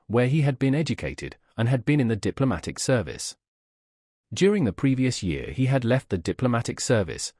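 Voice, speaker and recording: Audiobook narrator, man, husky voice, lively pitch, dry close recording. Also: no room sound. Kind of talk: scripted narration of a classic novel.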